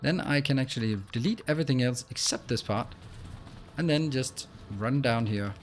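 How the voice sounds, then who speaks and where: A man hosting a let's play, explaining what he does as he plays and filling pauses with frequent ums and uhs. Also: medium pitch, faint music behind. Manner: explains while playing, with frequent fillers. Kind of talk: gameplay commentary.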